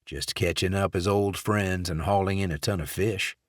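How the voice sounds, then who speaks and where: A ruthless male operative, read by a male narrator, speaks calmly and with clipped control. The voice sits low and close, with a dry audiobook sound. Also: normal speed, no room sound, lightly acted. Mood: feigned friendliness.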